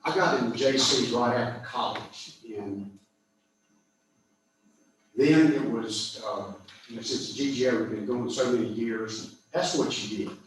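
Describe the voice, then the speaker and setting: A man's voice: medium pitch, measured pace, a little hiss or hum. Older man telling stories in an echoey hall. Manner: folksy storyteller, chuckles through his own jokes. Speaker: guest speaker. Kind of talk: anecdotal club speech. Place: large clubhouse meeting room. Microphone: distant from the microphone. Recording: echoey room, far from mic.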